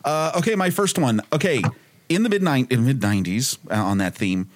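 A man hosting a casual comedy podcast, animated and halting with frequent ums as he runs a movie list game. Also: medium pitch, slight background noise. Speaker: podcast host. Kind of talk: casual chat.

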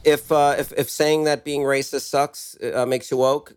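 A man's voice: on the high side, flat delivery, measured pace, smooth. A man co-hosting a podcast in casual chat, blunt and swearing, often stumbling over words. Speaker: podcast co-host.

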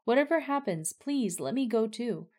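A woman's voice: fairly high pitch, expressive, normal speed, a little mellow, natural voice. An eager young male messenger who pleads to be sent, as a woman reads him in a scripture reading. The delivery is earnest and sincere. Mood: pleading.

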